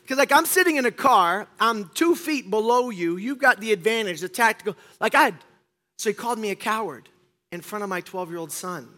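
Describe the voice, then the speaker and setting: A middle-aged man preaching from a church stage, with a high-pitched and bright, ringing voice. He tells his story in an animated, self-mocking way, acts out the other people in it, and slips in deadpan jokes for the congregation. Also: moderate pace. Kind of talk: storytelling sermon.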